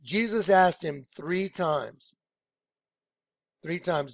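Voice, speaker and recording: A man leading an informal screen-share Bible study, excited and rambling, often telling listeners to watch. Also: a little high, measured pace, vocal fry. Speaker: Bible teacher.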